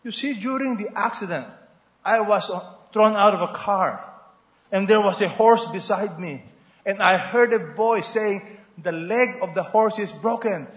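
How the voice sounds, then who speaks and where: A man preaches with energy, swinging from loud emphatic lines to quiet, low asides as he questions his listeners. His voice sits fairly high for a man. The recording has a roomy echo and a slightly muffled, dull tone. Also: unhurried. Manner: animated preaching, call-and-response questions to the congregation. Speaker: pastor. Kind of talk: sermon.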